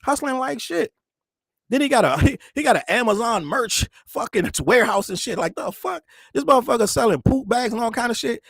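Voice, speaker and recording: A male show host in casual commentary, rambling and profane, who laughs mid-sentence and mimics other people in quick quotes. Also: very high voice, expressive, gravelly, fairly bright tone, no echo, clean studio sound. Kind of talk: casual pop-culture commentary.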